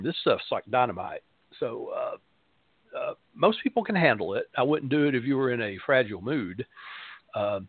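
A man's voice: mid-range voice, no echo. A middle-aged man with a Southern American accent, a pastor hosting a spiritual radio show, talking casually and rambling with many fillers and self-deprecating humor. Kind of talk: casual spoken radio monologue. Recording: dry, phone-like narrow sound.

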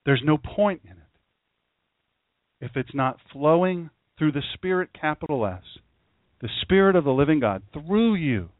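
A man's voice: fairly high pitch, animated, measured pace, no room sound. Man preaching a folksy sermon. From Southern Delaware. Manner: folksy, repeats phrases, addresses listeners as folks. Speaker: pastor. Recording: tinny phone-like audio.

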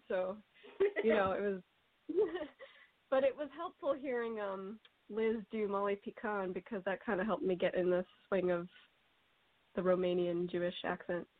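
A woman's voice: mid-range voice, dry recording. Actress, female, cheerful and chatty, recorded close and dry over a thin call line. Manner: upbeat, rambling with fillers. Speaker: stage actress. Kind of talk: casual interview chat. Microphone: video call. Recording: tinny, dry online call audio.

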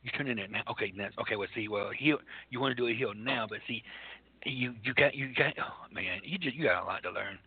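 A man's voice: medium pitch, quick pace, slightly rough. A man co-hosting a comedy radio show, stammering and exasperated as he mock-interviews a guest. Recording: tinny phone-like lo-fi recording.

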